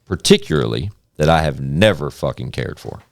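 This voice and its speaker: A man hosting a casual podcast chat, talking in an animated, profane way. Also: very deep voice, moderate pace, gravelly, no echo, studio quality.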